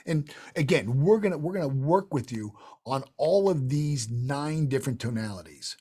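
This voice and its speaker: A middle-aged man with a slightly rough, mid-range voice leads an online sales training session. He's animated and emphatic, switching his voice quickly to demonstrate different tonalities as examples.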